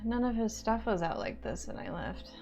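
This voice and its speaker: A woman's voice: fairly high pitch, expressive, normal speed, gravelly, darkish tone, soft background music. A woman playing in a tabletop game, chatting casually about her character and laughing often.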